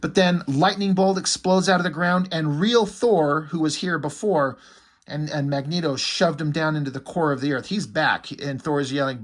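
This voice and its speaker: A man with a somewhat high voice talks through a comic book page by page. He reads the characters' lines aloud and drops blunt, sometimes profane opinions between them, in a loose conversational way. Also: moderate pace. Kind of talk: casual comic review narration.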